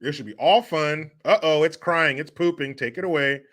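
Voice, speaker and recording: A man hosting a livestream, reading viewer chat aloud and bantering in a loud, profane, joking way, often laughing and teasing rival fans. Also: fairly high pitch, moderate pace. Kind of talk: casual chat.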